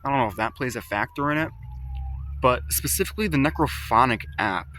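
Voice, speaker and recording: A man hosting a ghost-hunting vlog outdoors in a cemetery, talking into a phone strapped to his arm. He calls out to spirits in a slow, coaxing way and chats casually to his viewers in between. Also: mid-range voice, a little hiss or hum. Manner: calm, slow, coaxing call-outs mixed with casual asides to viewers. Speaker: paranormal vlogger.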